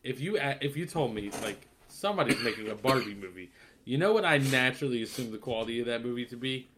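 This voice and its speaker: A young man with a bright, forceful tone co-hosts a podcast. He talks in a laid-back way and swears casually. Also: medium pitch, animated, quick pace, slight background noise. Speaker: podcast co-host. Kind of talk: casual chat.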